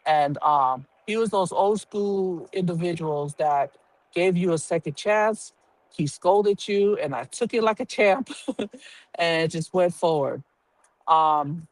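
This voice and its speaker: A woman's voice: lowish voice, expressive, slow, no echo. A woman who works as a union representative at a prison telling a personal story in a candid, earthy way, swearing freely and laughing at herself.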